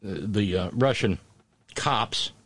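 A man giving casual, sarcastic news commentary, halting with many fillers and restarts. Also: fairly low pitch, a bit bright, breathy edge, dry recording. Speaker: political commentator.

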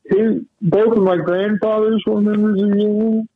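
A man's voice: high voice, little pitch movement, moderate pace, slightly rough. A male caller on a radio show, talking in a weary, resigned way over the phone. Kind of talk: phone-in chat. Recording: tinny phone line.

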